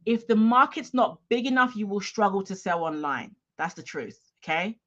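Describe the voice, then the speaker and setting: A woman's voice: medium pitch, animated, normal speed, fairly bright tone, lo-fi sound. Emphatic woman coaching a livestream. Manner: emphatic, repeats "okay?" to the audience. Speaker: business coach.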